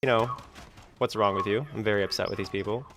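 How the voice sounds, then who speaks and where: A man's voice: fairly low pitch, fairly even intonation, fast, noisy background. A man talking in a rambling vlog monologue, full of fillers like "like" and "you know". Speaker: video creator being reacted to.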